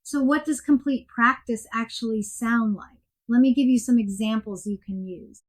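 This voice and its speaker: A woman giving a scripted coaching lesson in a clear, measured and emphatic way. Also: a little high. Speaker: coaching instructor. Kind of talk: scripted instructional narration.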